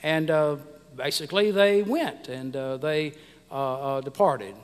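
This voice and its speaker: A middle-aged man from the United States, preaching a sermon as pastor, who speaks haltingly, with many fillers and restarts. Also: a little high, clean tone. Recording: long reverb of a hall.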